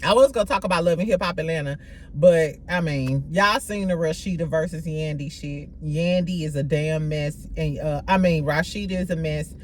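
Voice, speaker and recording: A woman's voice: low-pitched, moderate pace, a little hiss or hum. A woman hosting a casual gossip podcast, brash and profane, full of slang. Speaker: podcast host.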